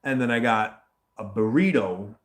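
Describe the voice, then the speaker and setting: A man chatting casually as the host of a livestream question session, rambling, animated and swearing often. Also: lowish voice, unhurried, echoey room. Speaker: host answering viewer questions.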